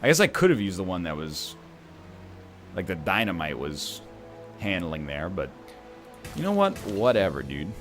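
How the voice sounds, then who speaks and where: A man's voice: deep voice, huge pitch swings, moderate pace, pauses often, fairly bright tone, soft background music. A man from Canada giving casual gameplay commentary as a streamer, rambling with joking asides. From Canada (Ontario).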